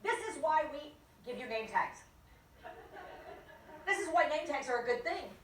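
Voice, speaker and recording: A woman leading a lively dementia care training for a live audience, acting out inner voices and joking with the crowd. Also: sits high, normal speed, recorded from a distance, a little hiss or hum. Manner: animated, acts out inner voices and jokes with the audience. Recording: echoey room, voice from off the mic.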